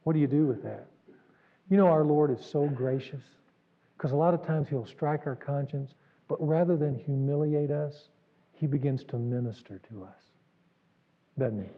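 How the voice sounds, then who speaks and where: Give me a man pastor preaching with drama, slightly high-pitched, in a long-reverb sanctuary. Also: moderate pace, pauses often. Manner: earnest and dramatic, swinging from raised to hushed. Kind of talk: sermon. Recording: dull recording in a reverberant hall.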